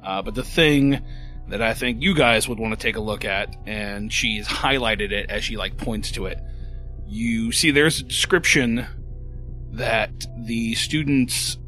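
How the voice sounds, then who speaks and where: Game master, male, lowish and bright, loose rambling delivery. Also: a little slow, faint music behind. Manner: relaxed, rambling, many fillers. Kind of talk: narrating a tabletop horror game.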